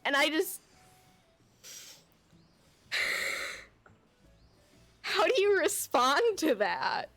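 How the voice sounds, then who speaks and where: A young adult woman streamer telling a casual story at home while she plays, animated and chatty, full of "like" and the odd swear word. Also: high voice, extremely slow, long pauses, faint music behind. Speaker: VTuber streamer. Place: home, at her computer.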